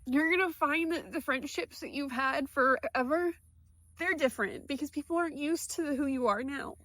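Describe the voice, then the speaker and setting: Woman talking to her followers, heartfelt, slightly high voice, dry close sound. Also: moderate pace, sharp tone, no echo. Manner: heartfelt, earnest, speaking directly to followers. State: tearful. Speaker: vlogger. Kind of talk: emotional personal vlog.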